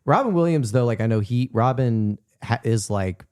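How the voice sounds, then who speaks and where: A man co-hosting a film podcast, talking casually in a rambling, halting way with many restarts. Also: mid-range voice, lively intonation, darkish tone, clear, resonant tone, no room sound, clean studio sound. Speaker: podcast co-host.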